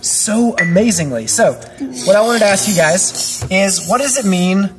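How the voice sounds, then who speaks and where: With music in the background, this woman's mid-range, animated voice moves a little slowly. As a kids pastor on a church show, she interviews children warmly and upbeat, tosses in teasing questions, and rambles with plenty of fillers and restarts.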